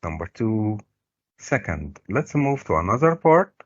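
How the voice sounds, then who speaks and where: A middle-aged Egyptian teacher with a low, husky voice and lively, rising and falling pitch. He sounds out English words one syllable at a time, like a classroom drill. The recording is dry and dull, with a lo-fi edge. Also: no echo. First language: Arabic. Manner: switches to Arabic to explain, stresses syllables slowly. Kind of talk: recorded lesson.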